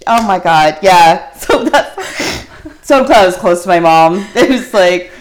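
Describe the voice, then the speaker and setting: A woman's voice: on the low side, expressive, unhurried. A middle-aged woman telling an embarrassing story in casual chat, rambling and laughing as she goes.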